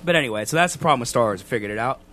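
A man co-hosting a casual podcast, ranting loudly and getting exasperated. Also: mid-range voice, animated, rapid-fire, slight background noise. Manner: loud, exasperated ranting that climbs into shouting. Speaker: podcast co-host.

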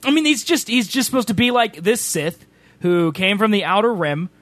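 Man, high voice, excitable stream co-host, laughs easily. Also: moderate pace, dry recording. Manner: excitable, laughs a lot, acts out silly dialogue. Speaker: show co-host. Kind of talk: casual chat while gaming on stream.

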